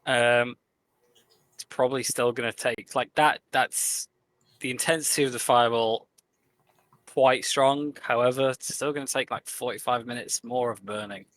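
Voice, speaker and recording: A man's voice: mid-range voice, steady tone, normal speed, fairly bright tone. A man narrating as game master, giving hesitant rulings with many fillers.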